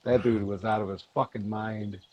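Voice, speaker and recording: A man's voice: lowish voice, steady tone, moderate pace, muffled recording. A man in his fifties chatting and teasing friends on a game stream, wry and profane. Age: 50s. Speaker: gamer on a group stream. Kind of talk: casual chat.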